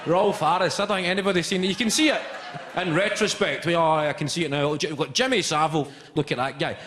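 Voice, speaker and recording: A young Scottish man doing a stand-up comedy set, swearing and shouting punchlines, often laughing as he talks. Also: a little high, fast, slight background noise. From Scotland. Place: large comedy venue with live audience. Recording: echoey venue with loud crowd.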